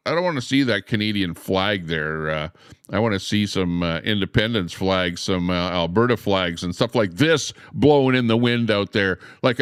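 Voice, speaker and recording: A man hosting a livestream outdoors beside trees, chatting in a meandering way with lots of pauses and filler words. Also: on the low side, a bit bright, clear, resonant tone, dry recording, clean studio sound. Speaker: livestream host. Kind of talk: rambling casual livestream chat.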